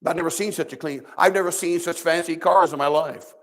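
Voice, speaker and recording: A man's voice: a little high, fairly even intonation, fairly quick, fairly bright tone. A man, a pastor, teaching a Sunday school sermon in a preachy, conversational way with sarcastic asides.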